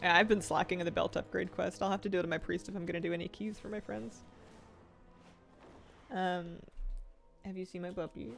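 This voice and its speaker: A woman's voice: on the low side, fairly even intonation, fairly quick, gravelly, long pauses, faint music behind. A young woman chatting casually on a game stream, reading chat and laughing often between her comments. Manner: chatty, giggly, answers chat.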